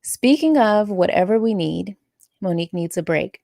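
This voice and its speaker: A woman's voice: mid-range voice, lively intonation, moderate pace, creaky, dark tone, no echo, clean studio sound. A woman hosting a casual live chat and reading out viewer comments, emotional and laughing often. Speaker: live-stream host and coach.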